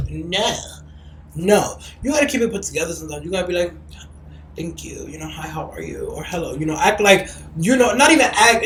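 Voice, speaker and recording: Brash, profane young man, high voice. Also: reverberant, slight background noise, low-quality recording. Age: young adult. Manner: brash, profane and animated, with mocking shrieks. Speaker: podcast host. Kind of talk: casual chat. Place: lives in Los Angeles.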